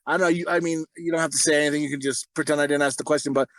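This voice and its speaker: Male podcast host, high-pitched, crude and rowdy joker, dry close mic. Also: steady tone, racing, a bit bright, no echo. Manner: crude, rowdy, swears constantly. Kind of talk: casual podcast chat.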